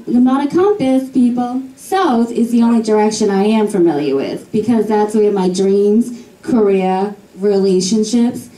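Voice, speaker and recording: Slow-talking Boston woman comic. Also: medium pitch, warm tone. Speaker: stand-up comedian. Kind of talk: stand-up comedy set. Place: comedy club stage. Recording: echoey club from far off, faint noise.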